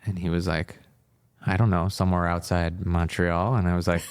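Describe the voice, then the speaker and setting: Low smooth-voiced man telling stories. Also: normal speed. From Virginia, United States. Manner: lively storyteller who acts out quoted people. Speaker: podcast guest, former hockey coach. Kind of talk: casual interview storytelling.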